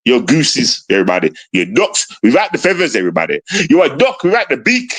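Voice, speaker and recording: A man's voice: medium pitch, huge pitch swings, a little fast, fairly bright tone, rough recording. A man hosting a live stream show, taunting and mocking someone with a stream of rhetorical questions and repeated call-outs to his audience. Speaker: show host.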